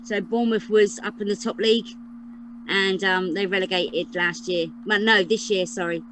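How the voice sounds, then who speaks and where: A woman's voice: mid-range voice, steady tone, moderate pace, fairly bright tone, slight background noise, rough recording. A woman from Southern England with a Southern English accent, a podcast guest who patiently explains things in casual chat.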